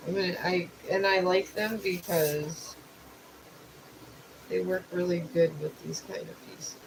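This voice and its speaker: Fresh out of bed, a streamer paints live and chats in a relaxed way, musing aloud and explaining the supplies step by step. The voice is medium-pitched, creaky and unhurried, and a steady background noise runs underneath.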